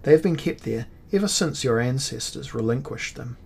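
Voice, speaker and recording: A man's voice: mid-range voice, expressive, normal speed, vocal fry, husky. A man reading aloud and voicing a scheming, cryptic male chaos god in a fantasy story.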